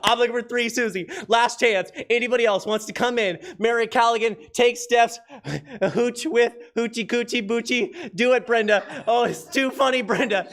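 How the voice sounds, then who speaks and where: A man calling bids as auctioneer at a live charity auction, energetic and repetitive, often shouting. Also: extremely high pitch, moderate pace.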